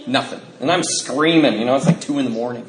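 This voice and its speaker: A man speaking at a recovery convention, telling his story in an animated, self-mocking way and acting out the quotes. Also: mid-range voice, quick pace. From Washington State, USA. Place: large convention hall. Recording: echoey hall recording with background noise.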